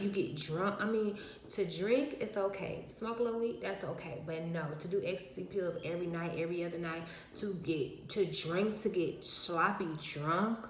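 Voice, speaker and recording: A woman's voice: on the low side, normal speed, slight background noise. Chatty woman vlogger in an echoey room. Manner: animated, emphatic, slangy, many fillers. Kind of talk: casual storytelling to viewers.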